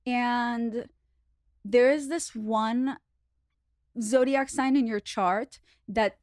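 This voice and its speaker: Lively woman from Russia, dry sound. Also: on the high side, extremely slow, no echo. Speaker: podcast guest. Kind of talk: casual chat.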